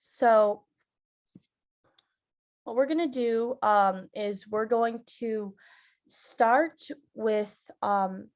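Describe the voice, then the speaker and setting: A woman leading a theatre warm-up lesson, giving friendly instructions with frequent "um"s and breaking into loud demonstration sounds. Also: on the high side, fairly even intonation, extremely slow, pauses often. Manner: instructive, filler-heavy, with loud vocal demonstrations. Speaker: drama teacher.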